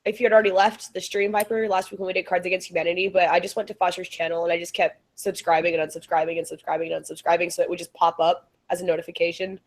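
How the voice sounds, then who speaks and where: A woman's voice: lowish voice, flat delivery, very fast, few pauses. Giggly Southern woman telling stories. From American South. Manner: giggly, rambling storyteller. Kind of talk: casual chat.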